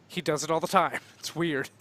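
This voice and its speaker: A man co-hosting a podcast in casual chat, animated and quick to argue his point. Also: on the high side, a little hiss or hum. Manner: animated, talks over others, laughs often. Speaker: podcast co-host.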